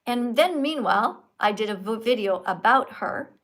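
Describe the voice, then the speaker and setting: A woman from Canada hosting a casual live stream, chatty and animated, quizzing guests in a teacherly way. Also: on the high side, normal speed.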